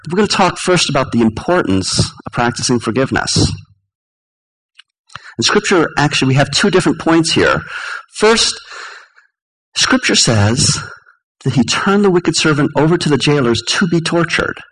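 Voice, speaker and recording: Guy pastor doing a sermon, relaxed and chatty, voice goes up and down a lot. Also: a little high, normal speed, long pauses, poor audio. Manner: conversational, chuckles and asks the congregation questions.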